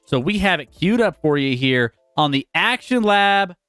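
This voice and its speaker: A man's voice: high voice, animated, normal speed, a bit bright, clean tone, dry recording, soft background music. A man co-hosting a casual sports chat show, who laughs often and talks in a loose, chatty way. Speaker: co-host.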